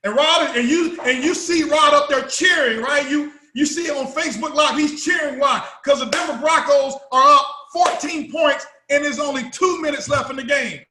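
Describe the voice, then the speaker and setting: A man's voice: very high-pitched, normal speed, few pauses, bright, forceful tone, roomy sound. A man giving an emphatic, repetitive motivational talk to an audience as a company chief executive. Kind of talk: motivational speech.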